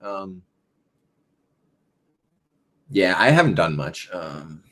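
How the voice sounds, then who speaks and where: A man's voice: deep voice, big pitch swings, very slow, a bit bright. A young man in his late teens hosting a casual live Q&A as a gaming YouTuber. He rambles with lots of ums and swears freely.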